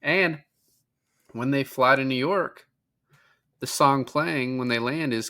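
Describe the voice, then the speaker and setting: A man's voice: mid-range voice, slow pace, bright, forceful tone. A man co-hosting a film podcast, chatting casually and profanely as he retells scenes. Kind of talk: casual film review chat.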